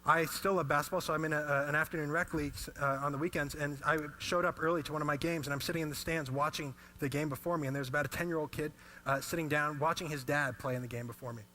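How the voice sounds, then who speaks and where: Bright-voiced storytelling pastor. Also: male voice, on the high side, quick pace, a little hiss or hum. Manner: animated storytelling. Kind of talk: sermon.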